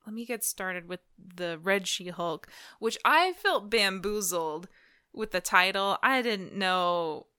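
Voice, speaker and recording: A woman's voice: mid-range voice, expressive, slow, pushed and bright, smooth, no room sound, studio quality. A woman co-hosting a podcast in casual chat, talking with lots of fillers and frequent laughs. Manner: chatty, laughs often, many fillers. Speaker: podcast co-host.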